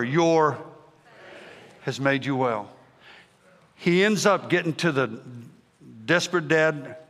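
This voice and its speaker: A man preaching a revival sermon, calling out to the congregation again and again. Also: a little high. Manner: energetic, repetitive calls to the congregation. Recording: long hall reverb.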